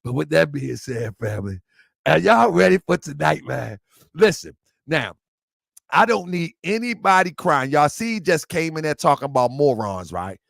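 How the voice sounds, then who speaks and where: A man hosting a livestream show, talking casually and excitably to viewers, repeating himself and laughing often. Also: a little high, normal speed, creaky, no room sound, clean studio sound.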